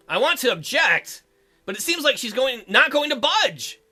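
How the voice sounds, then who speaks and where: A man's voice: very high-pitched, big pitch swings, normal speed, bright, forceful tone, faint music behind. A man hosting a visual novel playthrough, narrating the text with crude, joking asides. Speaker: let's play host.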